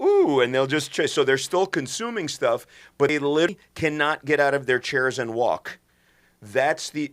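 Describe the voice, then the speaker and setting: A man's voice: mid-range voice, a bit bright. Earnest, emphatic man. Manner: earnest, emphatic, many restarts. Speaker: podcast co-host, doctor. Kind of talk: impassioned podcast talk.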